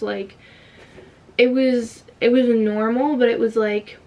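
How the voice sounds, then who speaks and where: A woman's voice: fairly high pitch, a little mellow, far from the mic. A young woman telling a personal story in a casual vlog, emotional and fighting back tears, with many "like" fillers. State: tight throat from holding back tears. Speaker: vlogger.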